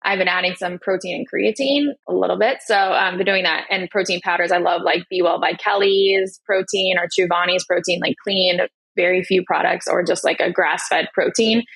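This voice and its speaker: A woman in her thirties, a guest chatting in a casual, rambling, animated way during an interview. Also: lowish voice, moderate pace, vocal fry, few pauses, slightly rough, low-quality recording. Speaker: guest, nonprofit CEO.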